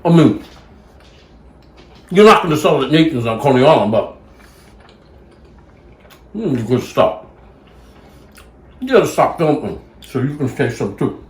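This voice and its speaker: A man's voice: mid-range voice, very animated, a little slow, long pauses, a little hiss or hum. A man chatting casually in a rambling, self-amused way while cooking at home. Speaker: home cook vlogger. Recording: echoey room.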